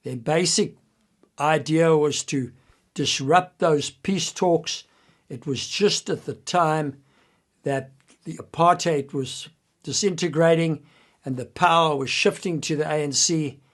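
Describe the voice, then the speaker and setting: Older male storyteller, slightly raised pitch, earnest, drops to a hush for drama. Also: takes it slowly. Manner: earnest, quotes others in his own voice, voice drops low and quiet at tense moments. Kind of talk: personal anecdote.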